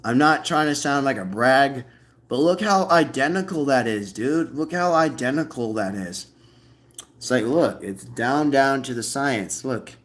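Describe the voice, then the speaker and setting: A man hosting a casual video, rambling and repeating himself as he shows props and comments excitedly to his viewers. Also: mid-range voice. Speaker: video host.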